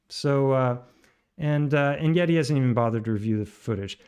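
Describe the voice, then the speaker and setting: A man with a fairly high voice hosts a livestream and comments on voice messages. He rambles and halts, with plenty of fillers and restarts. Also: fairly even intonation, a little mellow, clear, resonant tone, highs cut off. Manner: rambling, halting with many fillers. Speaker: livestream host.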